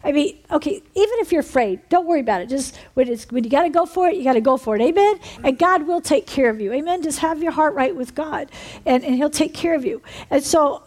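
A woman preacher giving an animated sermon testimony, calling out to the congregation for amens. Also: sits high. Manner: animated storytelling, asks for amens.

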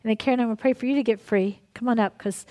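Lively woman preacher, slightly high voice. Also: very fast. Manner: lively, laughing often, conversational preaching; drops to a soft, hushed tone in prayer. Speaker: pastor leading a ministry night. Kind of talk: sermon and guided prayer.

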